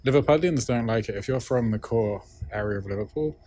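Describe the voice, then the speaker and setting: A man's voice: medium pitch, fairly quick, warm tone. A man, a linguist being interviewed, explains a point casually with examples, often checking in with "right?". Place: busy conference venue.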